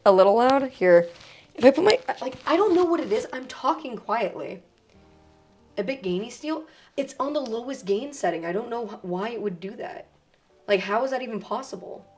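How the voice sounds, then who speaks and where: Excitable, foul-mouthed young woman streamer. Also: on the high side. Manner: excitable, swears freely, jokey. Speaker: livestreamer. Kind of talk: casual live-stream chat.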